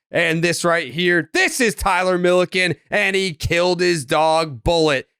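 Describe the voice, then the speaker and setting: A man with a Boston accent hosts a sports podcast, his voice pitched a little high and notably smooth and clear. He tells stories with hype and playful teasing. The sound is dry and close. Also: measured pace, few pauses, fairly bright tone, dry recording. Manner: hyped, joking, teasing storyteller. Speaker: podcast host. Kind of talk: casual sports podcast banter.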